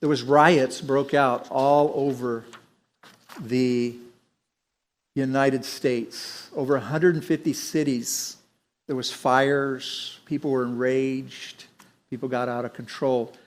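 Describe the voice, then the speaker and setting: A middle-aged man leads a Bible teaching in a loose, conversational sermon style. His pitch is ordinary and mid-range, and he often breaks off and restarts his sentences as he explains. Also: fairly even intonation, slow.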